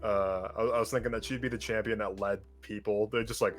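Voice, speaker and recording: A man in casual chat, pitching ideas in a laid-back way and laughing easily. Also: fairly even intonation, a little fast, hardly any pauses. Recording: faint music underneath.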